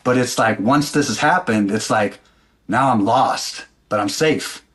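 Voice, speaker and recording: A man's voice: medium pitch, unhurried, a bit bright. A middle-aged man, a podcast guest, telling a personal story in an intense, blunt way and swearing freely.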